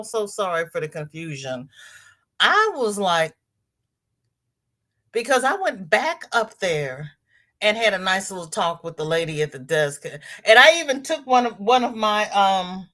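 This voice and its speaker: A woman in her sixties hosts a casual crochet livestream, reading the chat and warmly greeting viewers by name. Her voice is on the high side.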